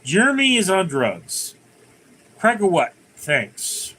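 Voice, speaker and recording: A man's voice: sits high, huge pitch swings, takes it slowly, sharp tone, rough recording. A man hosting a casual livestream, reading viewer comments aloud and answering them in a rambling, conversational way. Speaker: livestream host.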